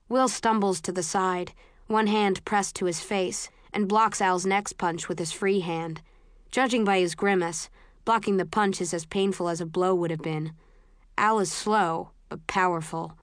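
A woman narrates a novel in the first person, measured and low-key. Her voice sits on the low side and the recording is close and dry, with no room sound. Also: no room sound. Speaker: audiobook narrator.

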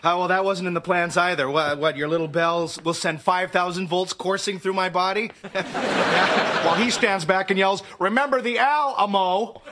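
An actor playing a dry, prickly male co-host in a sitcom, deadpan and sarcastic. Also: high-pitched, moderate pace, heavy background noise, close to an everyday voice. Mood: suspicious. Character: dry, prickly male co-host, touchy about his mother.

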